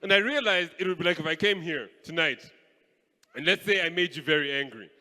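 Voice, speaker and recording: A man doing a live stand-up routine, acting out his family's voices in animated bits. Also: a little high, a little fast. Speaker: stand-up comedian. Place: live comedy stage at an arts festival. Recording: echoey hall.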